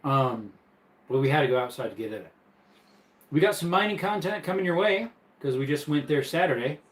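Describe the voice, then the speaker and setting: A man's voice: a little high, roomy sound, low-quality recording. A man casually hosting a live stream from his bedroom, easygoing and chatty as he reads viewer comments and laughs often. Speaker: livestream host.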